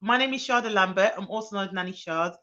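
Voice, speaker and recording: This childcare expert from Birmingham, England chats away on her live stream, welcoming viewers by name with plenty of ums. She speaks fast at a medium pitch with a sharp tone, and the sound is lo-fi.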